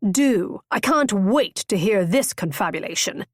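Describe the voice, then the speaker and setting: A woman's voice: medium pitch, animated, unhurried, dry recording, studio quality. A woman doing a curt, drawling duke. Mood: gruff. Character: irritated protective older brother, a duke.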